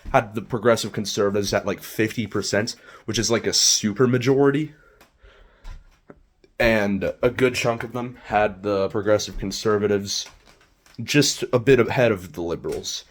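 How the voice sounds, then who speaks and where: A man giving a casual, opinionated political monologue. He rambles and corrects himself as he goes. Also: lowish voice. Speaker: political commentator vlogger.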